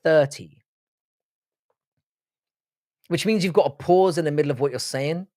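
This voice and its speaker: A man's voice: a little high, quick pace, dark tone, no echo, clean studio sound. A man with a London accent hosting a live stream, chatting casually with viewers in loose, sweary banter. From Britain. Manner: loose, sweary banter, repeats words to show how he says them.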